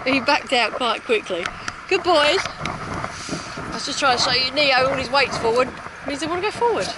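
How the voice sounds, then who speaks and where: A high-voiced woman talks her dogs through an outdoor walk, her pitch leaping up and down as she praises them. She sounds like she is speaking into a phone while out in a park, with loud noise behind her. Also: expressive, moderate pace. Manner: sing-song praise to dogs, swooping up high. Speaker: dog trainer. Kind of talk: live-streamed dog walk commentary.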